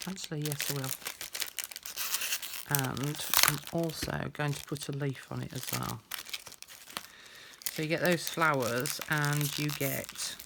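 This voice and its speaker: A woman's voice: low-pitched, steady tone, takes it slowly, gravelly, pauses often, very noisy. A woman chatting casually through a craft tutorial, thinking aloud as she works.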